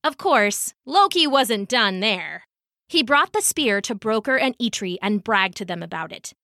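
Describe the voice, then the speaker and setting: A woman tells an old myth as a storybook reading, taking her time over every phrase. Her voice is bright and swoops through a wide range. The sound is close and dry. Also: medium pitch, expressive, measured pace, dry recording. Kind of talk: scripted narration.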